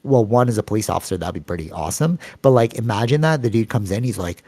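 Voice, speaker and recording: Podcast co-host, Canadian man, rambling storyteller, warm mellow tone, dry close mic. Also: lively intonation, fast talker, dry recording. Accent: Canadian English. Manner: long-winded, rambling storytelling with many fillers; acts out quoted voices with sudden pitch jumps. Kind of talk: casual podcast chat.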